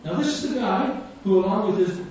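A man's voice: high voice, animated, a little fast, darkish tone. A man preaching a sermon, telling a story with animation and acting out the voices of the people in it. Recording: echoey hall, distant mic, dull sound, faint room hum.

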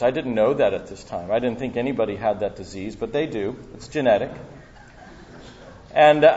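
Guest preacher, male, mid pitch, relaxed storytelling style with fillers, muffled conference recording. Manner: casual storytelling with many fillers. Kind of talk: conference sermon. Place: conference hall. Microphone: handheld or stand microphone.

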